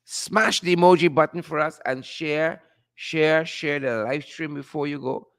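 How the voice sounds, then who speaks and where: A man hosts a live-stream call-in show in a slightly high voice. He talks in a loose, playful way, chuckling and returning to his catchphrases again and again. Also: measured pace, fairly bright tone. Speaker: host.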